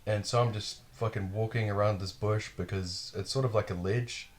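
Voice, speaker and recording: Podcast host, man, lowish voice, loose, swearing storyteller who acts out the people in his story. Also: moderate pace. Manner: profane, animated, acts out quotes. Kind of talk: casual storytelling.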